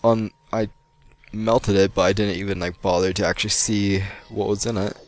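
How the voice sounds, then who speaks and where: Rambling young American man, lowish voice. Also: little pitch movement, moderate pace. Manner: rambling, chatty, laughs often. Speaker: let's play gamer. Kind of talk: post-recorded gameplay commentary.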